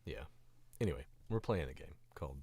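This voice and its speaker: Very deep-voiced tired man, close mic. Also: lively intonation, brisk, noisy background. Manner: rambling, laid-back, swears casually. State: tired and sick. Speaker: voice actor streaming. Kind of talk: casual stream chat.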